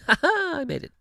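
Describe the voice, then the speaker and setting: An extremely high-pitched, gravelly, lively game streamer chats casually during a livestream, with no echo. He rambles with many fillers and self-corrections and laughs often, speaking into a studio microphone with a pop filter.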